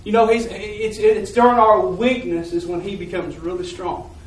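A man with a fairly high voice shares a heartfelt testimony, his earnest story rambling along with repeated words and restarts. He sounds a little distant from the microphone, and the room around him rings with echo like a church hall. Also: steady tone, moderate pace. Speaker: church member giving testimony. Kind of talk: personal faith testimony.

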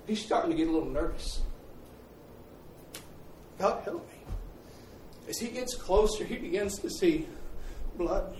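A man's voice: high voice, lively intonation, a little fast, darkish tone, slight background noise. A man preaching a sermon, telling a vivid story and asking the congregation for responses. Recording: roomy, from a distance.

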